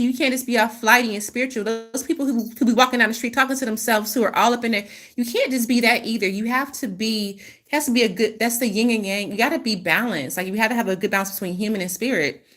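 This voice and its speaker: A woman's voice: fairly high pitch, fast, fairly bright tone. A rambling, apologetic woman reading cards. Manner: rambling, stumbles and restarts, apologetic. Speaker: intuitive reader, host. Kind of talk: casual channeled reading.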